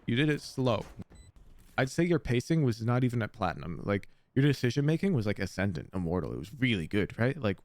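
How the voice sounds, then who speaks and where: A man's voice: medium pitch, dry recording. A man coaching a player through a gameplay review, emphatic and blunt, repeating his key points. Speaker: game coach.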